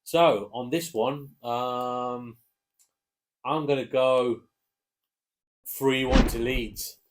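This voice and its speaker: A man with an English accent casually chatting through football match predictions, relaxed and hesitant with fillers. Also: medium pitch, drawn-out words, noisy background. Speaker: co-host giving match predictions. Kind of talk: casual chat.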